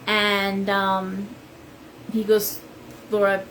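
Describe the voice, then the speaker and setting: A woman's voice: mid-range voice, moderate pace, a little hiss or hum, low-quality recording. A woman who runs a tarot shop, chatting with viewers on a live stream and rambling into stories. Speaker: shop owner and tarot reader.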